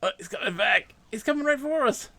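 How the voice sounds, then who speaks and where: A man's voice: extremely high pitch, animated, a little fast, vocal fry, sharp tone. A man streaming a game live, chatting casually and reading the game text aloud. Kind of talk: casual gameplay commentary.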